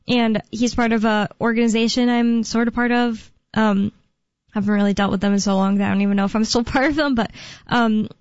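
A young woman hosts talk radio casually and ramblingly, pausing on fillers while thinking out loud. Her slightly high voice has fairly even intonation and a darkish tone, recorded close and dry with no echo but somewhat muffled and dull.

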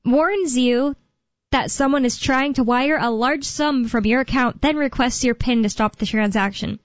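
A woman's voice: high-pitched, normal speed, no room sound, dull audio. A young woman co-hosting a talk radio show, chatting casually with lots of fillers and restarts. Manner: rambling, filler-heavy, self-correcting. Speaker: radio co-host.

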